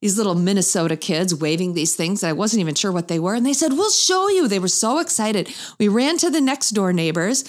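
A middle-aged woman spins a funny story about her family for an audience. She is lively and expressive, and her pitch leaps whenever she acts out someone else's lines. Her voice sits in an ordinary middle register. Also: brisk, hardly any pauses. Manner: animated, acts out quoted voices with big pitch jumps. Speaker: mother telling a family story. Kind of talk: humorous storytelling talk to an audience.

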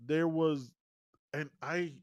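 A man co-hosting a casual movie podcast, chiming in with wry agreement and deadpan jokes. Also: on the high side, slow pace, dry recording. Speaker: podcast co-host. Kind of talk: casual movie review chat.

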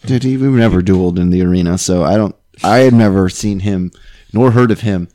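A man co-hosting a comedy podcast, teasing the others with deadpan jokes. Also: sits low, brisk. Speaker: podcast co-host. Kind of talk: casual comedy podcast banter.

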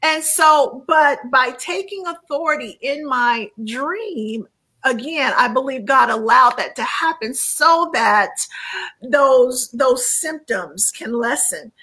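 A woman sharing a personal faith testimony as an interview guest, earnest and measured, often repeating words as she searches for them. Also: sits high, sharp tone, husky, poor audio.

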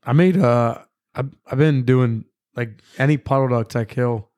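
Man, podcast host, mid-pitched, jokey, curses freely, casual chat. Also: measured pace, darkish tone. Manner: joking, swears freely.

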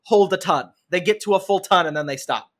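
A podcast co-host telling a story in casual conversation, wry and playful, with a mid-range pitch. The delivery is relaxed and conversational. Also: brisk. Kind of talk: casual chat about TV shows.

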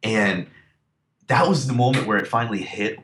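A man's voice: fairly low pitch, lively intonation, moderate pace, fairly bright tone, slight background noise. A man telling a personal story in a casual chat, full of fillers and acting out what people said. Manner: rambling with many fillers, acts out quoted lines.

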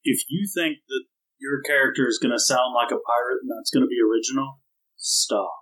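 A man's voice: mid-range voice, fairly even intonation, brisk, a bit bright. A man in casual podcast chat about tabletop gaming, talking in an emphatic, exasperated, ranting way. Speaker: podcast co-host, tabletop gamer. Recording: roomy echo.

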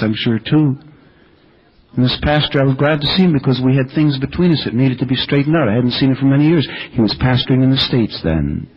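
Captured in a dull, lo-fi old radio recording, an older preacher tells earnest revival stories in his sermon, quoting what people said. His voice is mid-pitched and slightly rough.

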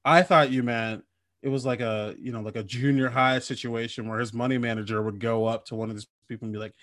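A man's voice: mid-range voice, steady tone, quick pace, fairly bright tone, no echo. Profane joking man, dry close sound. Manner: profane, jokey, riffs in mock voices. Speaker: podcast co-host. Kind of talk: casual comedic podcast chat.

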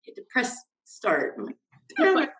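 A woman's voice: a little high, wildly swooping pitch, normal speed, a bit bright, reverberant, rough recording. A woman hosting a podcast in casual chat, bubbly and self-mocking, full of fillers. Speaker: podcast host.

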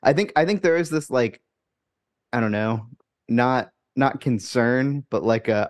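Wry, halting podcast co-host man. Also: medium pitch. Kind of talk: casual chat.

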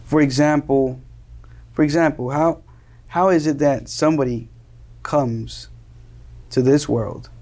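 A young man from Colombia speaks with a gravelly edge and a mellow, darker tone. He talks earnestly and often circles back over his words, restarting phrases while he finds what he wants to say. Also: a little high, fairly even intonation, slow pace, long pauses. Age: young adult. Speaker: interview guest. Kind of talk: earnest conversational storytelling.

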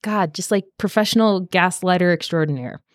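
Podcast co-host, woman, low pitch, swears freely, rambling filler-heavy recap, dry sound. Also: a little fast, no room sound. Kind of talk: casual book-club chat.

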